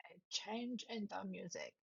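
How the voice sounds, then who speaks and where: Soft-spoken woman streamer chatting casually. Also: medium pitch, unhurried, creaky, slightly rough, muffled recording. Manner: chatty, soft-spoken, talks to her pets, laughs often. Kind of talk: casual live-stream chat. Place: home office.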